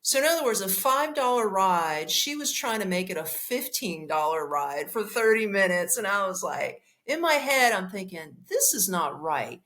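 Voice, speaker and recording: A woman hosting a podcast, telling a story in a blunt, profane, animated way and acting out the dialogue. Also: medium pitch, moderate pace, hardly any pauses. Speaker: podcast host. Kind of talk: casual storytelling monologue.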